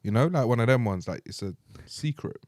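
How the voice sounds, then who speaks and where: A man's voice: mid-range voice, expressive, a little fast, a little mellow, dry recording, studio quality. A man hosting a casual comedy podcast, playful and boastful, often breaking into laughter. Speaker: podcast host.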